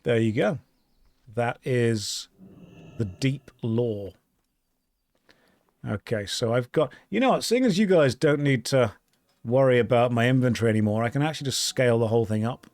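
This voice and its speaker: A man live-streaming an online game, chatting casually with his viewers and joking in a deadpan way while reading their messages aloud. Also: medium pitch, normal speed, pauses often, no echo.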